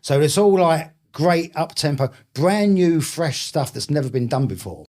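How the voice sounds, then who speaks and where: A man's voice: on the high side, expressive, moderate pace, a little mellow. A middle-aged man with a Cockney accent, a guest chatting casually and telling jokey, swear-filled stories. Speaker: guest, author and actor. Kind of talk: casual interview chat.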